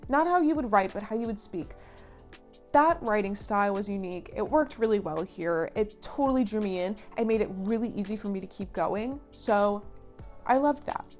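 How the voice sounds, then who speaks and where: A woman's voice: medium pitch, animated, moderate pace, a little mellow, muffled recording, soft background music. A young woman hosting a book review vlog, chatting casually in a bubbly, gushing way with lots of "like" fillers. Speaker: book reviewer and channel host.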